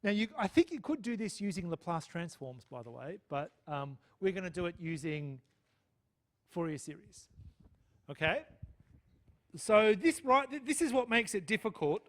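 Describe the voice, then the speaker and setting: A man's voice: sits high, animated, normal speed, fairly bright tone. A man lecturing on math to a live class, chatty, often checking in with "okay?" and "right?". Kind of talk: live lecture with student questions.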